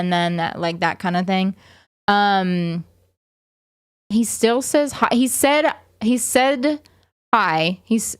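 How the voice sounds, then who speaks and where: A woman's voice: lowish voice, no echo. Rambling woman chatting casually, dry sound. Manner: rambling, many fillers and restarts. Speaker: vlogger and parent. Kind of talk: casual chat to viewers.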